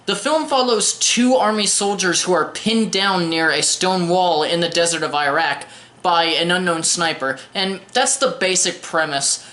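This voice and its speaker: A woman's voice: fairly low pitch, a bit bright. Wry young woman reviewing films. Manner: wry, sarcastic, stumbles and restarts. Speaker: film reviewer. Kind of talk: casual spoken movie review. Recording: roomy echoey room.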